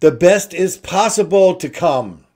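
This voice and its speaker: Slow, emphatic male motivational host. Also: high-pitched, lively intonation, a little mellow. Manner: slow, emphatic, repeats key phrases. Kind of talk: inspirational talk show monologue.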